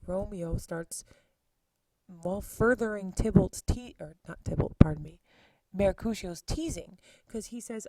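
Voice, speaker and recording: A woman's voice: medium pitch, unhurried, vocal fry, distant mic, noisy background. A woman teacher casually retelling a play scene, chatty with exclaimed asides to her students. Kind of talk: casual lesson summarizing a play.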